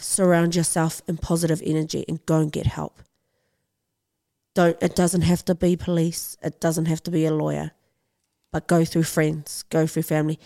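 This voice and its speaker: Woman interview guest, mid-pitched and gravelly, earnest and pressing, repeats herself for emphasis. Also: warm tone. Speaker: interview guest, boxing champion. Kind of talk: podcast interview.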